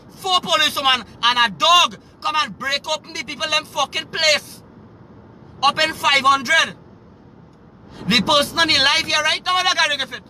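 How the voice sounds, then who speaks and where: A Trinidadian man delivering an agitated, profane, repetitive rant on a live stream, often shouting. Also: very high voice, a little hiss or hum. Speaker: livestreamer.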